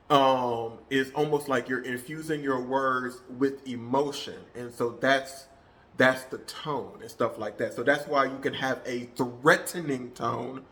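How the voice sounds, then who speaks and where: A man's voice: medium pitch, a bit bright. A man giving a casual vlog monologue about his fitness routine, rambling and often restarting his sentences. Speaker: fitness vlogger.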